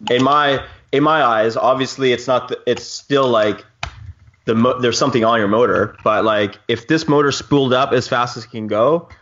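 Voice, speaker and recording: A man telling a long story in casual chat with friends, rambling and animated with many restarts. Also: medium pitch, normal speed, muffled recording. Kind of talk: casual chat among drone pilots.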